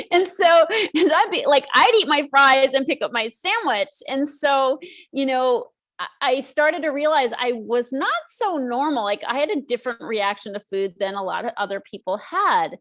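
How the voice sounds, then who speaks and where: Animated, high-voiced woman guest. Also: moderate pace. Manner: chatty and animated, acts out her own inner voice. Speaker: guest, emotional eating expert. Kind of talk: podcast interview.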